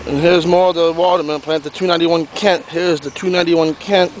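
A man's voice: on the high side, fairly even intonation, brisk, a little hiss or hum, rough recording. A man giving a rambling, casual walking tour of his pumpkin garden outdoors to a handheld camera. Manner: rambling, repeats himself, talks to the camera while walking. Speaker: pumpkin grower.

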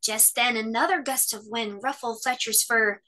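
A woman hosting children's story time, reading a picture book aloud with expressive, animated storytelling. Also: a little high, normal speed.

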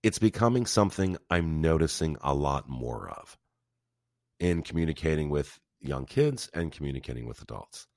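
A man co-hosting a podcast, chatting casually and telling stories with lively emphasis. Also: extremely low pitch, moderate pace, no echo, clean studio sound. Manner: animated, emphatic storyteller. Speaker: podcast co-host. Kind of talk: casual conversational chat.

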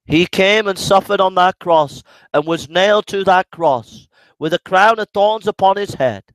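A man preaching a fervent sermon and leading prayer, surging to shouts of praise and falling to hushed, slow lines. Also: dry recording, low-quality recording. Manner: fervent, shouting in waves then dropping low.

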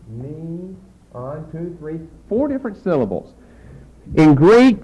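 A slightly high, darkish voice belongs to a Bible teacher captured on a low-quality recording. Explaining things step by step and posing rhetorical questions, he becomes hard to hear each time he turns to write on the board.

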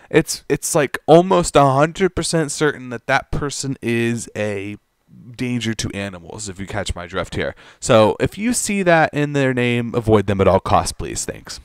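A man's voice: mid-range voice, clear, resonant tone, no room sound, clean studio sound. A man ranting in commentary, exasperated and stammering, often repeating words as he reacts. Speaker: commentary YouTuber.

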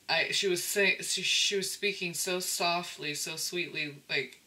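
A man with a very bright, sharp-edged voice that sits fairly high, talking through a tarot reading. He rambles in a casual way and keeps checking in with the listener as he goes. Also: slow pace, poor audio. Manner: rambling, checks in with "okay?" often. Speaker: tarot reader.

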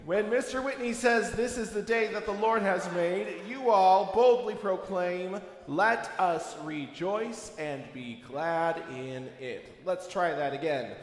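A man's voice: high-pitched, slow pace, hardly any pauses. Playful man leading children's chapel. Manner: playful, coaxing a young crowd, bursts of shouting and singing. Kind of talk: children's chapel talk with songs. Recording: echoey hall, long reverb.

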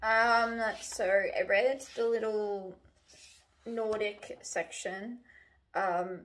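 A woman's voice: medium pitch, extremely slow, a little hiss or hum. A young woman chatting casually on her own channel about books she is reading, rambling with lots of fillers and restarts. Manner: relaxed, chatty. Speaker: book vlogger. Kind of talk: casual book review chat.

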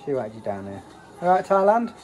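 A man's voice: on the high side, sing-song, a little fast, darkish tone. A man vlogging chattily at home on a handheld phone, joking and rambling. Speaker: family vlogger. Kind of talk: casual chat to camera. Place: family home, kitchen.

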